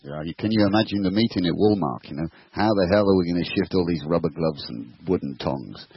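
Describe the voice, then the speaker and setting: A man in a casual group chat, telling jokes in a deadpan way. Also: low-pitched, fairly quick, husky, dry recording. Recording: dry dull lo-fi call audio.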